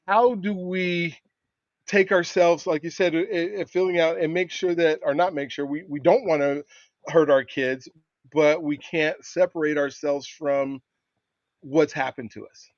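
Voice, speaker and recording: Middle-aged man, slightly high voice, earnest, rambling, dry lo-fi audio. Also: fairly even intonation, unhurried, no echo. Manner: earnest, rambling, many restarts. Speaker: host. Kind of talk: casual conversational chat. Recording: dull dry lo-fi sound.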